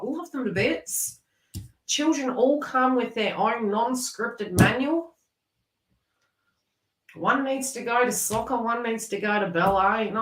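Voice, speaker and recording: A middle-aged woman giving a psychic reading to a viewer, chatty and blunt with laughter and mild swearing. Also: a little high. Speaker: psychic reader. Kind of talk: casual spoken reading to a viewer. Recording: echoey room, far from the mic.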